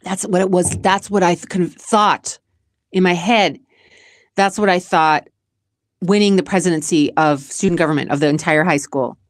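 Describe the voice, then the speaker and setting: A woman's voice: lowish voice, moderate pace, no room sound, clean studio sound. A woman from Massachusetts hosting a casual vlog, answering questions in a chatty, emotional way, laughing often and restarting her sentences. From Massachusetts, USA. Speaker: show host and community founder.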